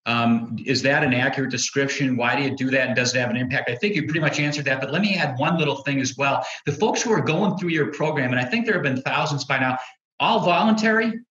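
Echoey moderator, man, halting questions. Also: mid-range voice, a bit bright, lo-fi sound. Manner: halting, searching questions with many fillers. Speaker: host and moderator. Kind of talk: moderating an online panel.

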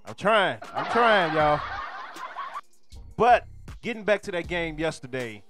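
A hoarse male streamer ranting about a football game and repeating his complaints in exasperation. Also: sits high, expressive, unhurried, a bit bright, soft background music. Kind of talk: sports rant.

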